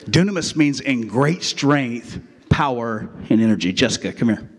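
A pastor preaching a sermon in a chatty, joking way, calling on the crowd to answer back. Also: male voice, mid-range voice, lively intonation, normal speed. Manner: jokey, chatty preaching with call-and-response. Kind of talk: sermon with acted skit.

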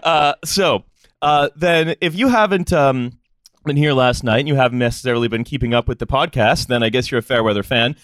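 A man's voice: mid-range voice, a little fast, a bit bright, no echo, clean studio sound. A male podcast host opening a live comedy show on stage, rambling with lots of "uh" and "um" and laughing at his own jokes. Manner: rambling, filler-heavy, laughing.

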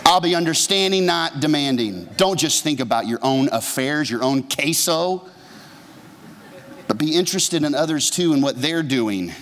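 A man's voice: medium pitch, expressive, unhurried. A man, a pastor, preaching a humorous, conversational sermon and asking the congregation questions. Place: church sanctuary. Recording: long church reverb.

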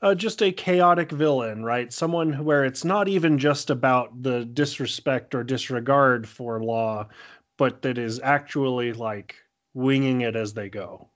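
A man hosting a casual discussion, speaking in a thoughtful, deliberate, slightly lecturing way. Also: mid-range voice.

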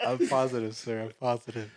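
A man's voice: medium pitch, sing-song, fairly quick, background noise. Chill guy on a podcast, dry short answers, plain voice. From Atlanta, Georgia. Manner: laid-back, dry agreeing replies. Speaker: podcast co-host. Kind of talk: casual chat.

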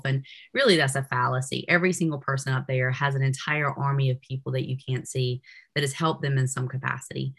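A woman's voice: extremely low pitch, fairly even intonation, a little fast, gravelly. A woman researcher talking as a podcast guest in easy conversation, often filling with "you know". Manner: chatty, peppers speech with "you know". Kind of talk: casual interview chat.

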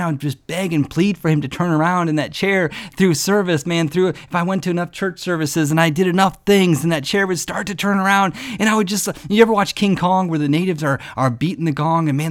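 Man, slightly higher voice, devotional podcast host, casual earnest storytelling. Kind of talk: conversational devotional teaching.

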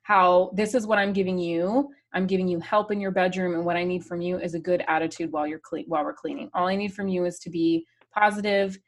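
A woman with a somewhat low voice runs a coaching call. She is upbeat and practical, laughs often, and acts out quoted lines to make her point. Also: steady tone, fast, hardly any pauses.

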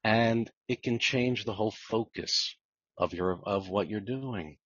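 Low husky guy, divorce mediator on a podcast, slow careful talk, kinda muffled dry audio. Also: fairly bright tone, no echo. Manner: measured, thoughtful, repeats words when restarting. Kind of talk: podcast interview. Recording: dull lo-fi dry sound.

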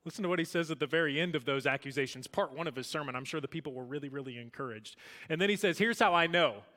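A pastor preaching with high, bright energy, his voice carrying a long reverb through the church hall. He drives his points home emphatically, rising to loud declarations and dropping to hushed lines. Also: quick pace. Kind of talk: sermon.

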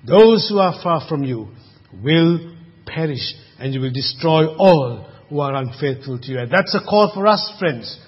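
Husky preacher in an echoing hall. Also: male voice, on the high side, lively intonation, measured pace. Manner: swings from hushed to loud emphatic preaching. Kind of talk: sermon. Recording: lo-fi with long reverb in a hall.

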